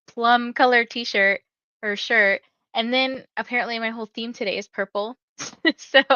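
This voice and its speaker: A woman's voice: medium pitch, sharp tone, no echo, dull audio. Chatty young woman livestreaming. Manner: chatty, many fillers, reads viewer comments aloud. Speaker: livestream host reading books. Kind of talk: casual chat with viewers.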